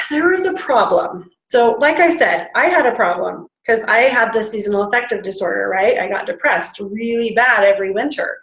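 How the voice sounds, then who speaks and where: A woman's voice: on the high side, a bit bright, roomy sound, rough recording. A woman giving a chatty motivational talk to a live audience, demonstrating breathing with sighs. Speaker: wellness workshop presenter. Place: standing before an audience in a room.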